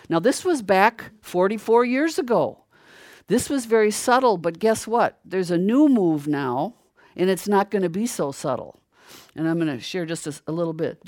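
Older preacher, dry close sound, rhetorical questions, heats up as the point builds. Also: no room sound. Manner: asks rhetorical questions and answers them; grows louder and higher when stirred. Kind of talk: sermon.

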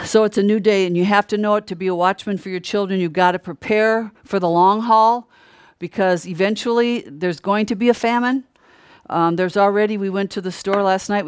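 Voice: mid-range voice, clean tone, dry recording, studio quality. A preacher giving an earnest, emphatic Bible teaching, repeating key phrases and often restarting mid-sentence. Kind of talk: sermon-style Bible teaching.

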